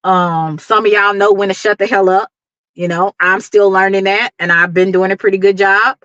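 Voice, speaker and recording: A woman's voice: mid-range voice, steady tone, moderate pace, fairly bright tone, no echo, highs cut off. A middle-aged woman with a Dallas accent, giving an emphatic, preachy motivational talk to her livestream viewers and laughing often. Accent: Dallas, Texas. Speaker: YouTube livestream host.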